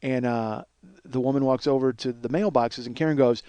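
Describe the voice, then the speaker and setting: A man hosting a comedy podcast, telling a rambling story in an animated way, swearing and laughing often. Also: mid-range voice, normal speed, smooth, no room sound. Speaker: podcast host.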